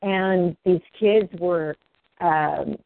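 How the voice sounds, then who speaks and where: A woman guest telling her own story candidly, swearing freely and rising in pitch as she speaks. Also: very slow, creaky. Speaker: interview guest. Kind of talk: emotional personal storytelling. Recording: dry, tinny phone-like line.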